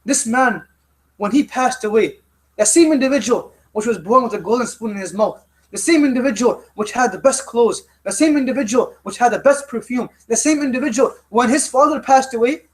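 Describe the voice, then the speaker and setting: A man's voice: extremely high pitch, brisk. A man leading a youth study circle, telling a story as a lecture and repeating phrases for emphasis. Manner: repeats phrases for emphasis, often restarts lines.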